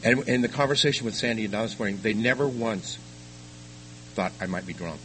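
An older man giving a personal testimony at a recovery meeting, telling his story haltingly with frequent restarts. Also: fairly low pitch, a bit bright, slight background noise, low-quality recording. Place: meeting room.

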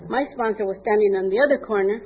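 An older woman with a husky, mid-range voice speaks quickly, candidly sharing her recovery story at a meeting and acting out quoted dialogue. The recording sounds tinny and phone-like, with faint background noise.

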